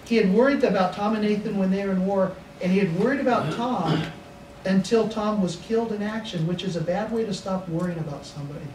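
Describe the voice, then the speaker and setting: Folksy middle-aged pastor, heard from afar. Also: male voice, high voice, fairly quick, darkish tone. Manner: folksy, chuckling storyteller. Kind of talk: storytelling seminar talk. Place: seminar room. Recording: echoey room from a distance, noisy.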